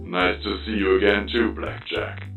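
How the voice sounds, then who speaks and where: A wry, matter-of-fact male voice crackling through a battered flying robot, put on by a man. The sound is low, staticky and dull as if from a cheap speaker in a roomy space. Plucked guitar music plays clearly behind. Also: level tone, measured pace. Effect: mechanical, staticky speaker.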